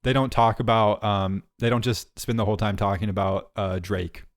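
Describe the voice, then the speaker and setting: A man's voice: lowish voice, steady tone, moderate pace. Young man, podcast co-host, casual joking chat, playful, laughs easily. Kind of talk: casual chat between friends.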